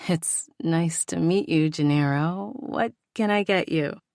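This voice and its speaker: A woman's voice: sits low, slow pace, gravelly, a little mellow, dry recording, full character voice. Woman as a flustered store owner, polite, eager to please, dry close sound.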